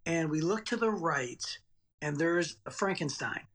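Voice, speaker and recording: He's in his late forties, a podcast guest sharing a personal story about his childhood while rambling and repeating himself. His voice sits a little high and a bit bright, with lively intonation and an unhurried delivery.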